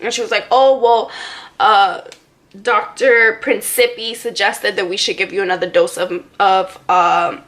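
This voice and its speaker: A young woman vlogger casually telling a personal story to camera, animated and full of "like"s. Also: medium pitch, moderate pace. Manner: animated, filler-heavy retelling with many "like"s.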